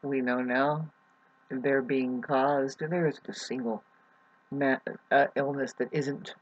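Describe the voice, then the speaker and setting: A husky, slightly breathy woman in her forties muses aloud about astrology in a loose, wandering way. She stops and restarts often and leans on plenty of "um"s. The lo-fi recording sounds dull and muffled. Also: very deep voice, steady tone. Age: 40s. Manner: halting, with many fillers and restarts. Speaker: astrology vlogger. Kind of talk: casual rambling astrology talk.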